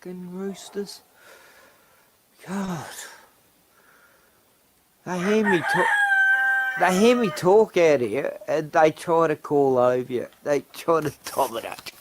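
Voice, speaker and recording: A man's voice: on the high side, takes it slowly, long pauses, background noise. A man ranting in a casual outdoor vlog, swearing at crowing roosters and cooing to his dogs. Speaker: vlogger. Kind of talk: casual outdoor rant to camera. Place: outdoors in a rural yard.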